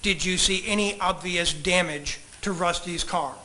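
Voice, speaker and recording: Bright-voiced man questioning in court. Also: high voice, rough recording. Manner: measured, polite, leading questions. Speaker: trial attorney questioning a witness. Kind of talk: courtroom examination.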